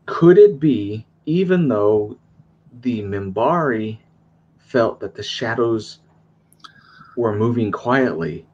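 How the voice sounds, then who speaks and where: A man's voice: on the low side, expressive, takes it slowly, long pauses, darkish tone. A man in a casual discussion, speaking emphatically and asking long, winding questions. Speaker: guest discussing with a panel. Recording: dull lo-fi line with faint noise.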